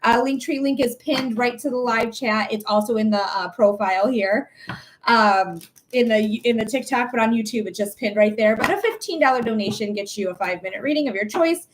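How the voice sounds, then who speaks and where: A woman's voice: on the high side, brisk, a little hiss or hum, rough recording. A woman psychic reader hosting a live stream, chatting casually and welcoming viewers by name over and over. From United States.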